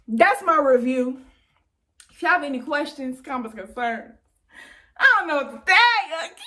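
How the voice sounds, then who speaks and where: A young woman chatting excitedly to her viewers in a vlog, still out of breath after a workout. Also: sits high, unhurried, long pauses, a little hiss or hum. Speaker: vlogger. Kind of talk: casual chat to camera.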